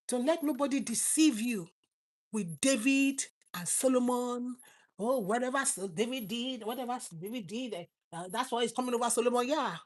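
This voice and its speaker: Fervent Nigerian woman preaching, high voice. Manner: fervent, swinging between loud exclamations and low asides. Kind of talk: sermon.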